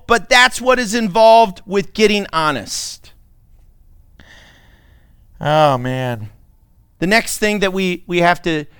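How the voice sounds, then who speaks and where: Lively, joking male preacher. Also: a little high, smooth, no room sound, clean studio sound. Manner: animated, playful, sarcastic, laughs often. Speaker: pastor. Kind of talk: sermon.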